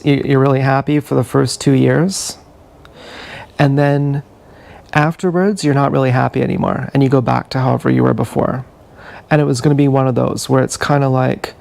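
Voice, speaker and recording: A man's voice: mid-range voice, creaky, a little mellow. A man vlogging live in a rambling, confessional monologue full of restarts, recorded on an action camera. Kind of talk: casual monologue.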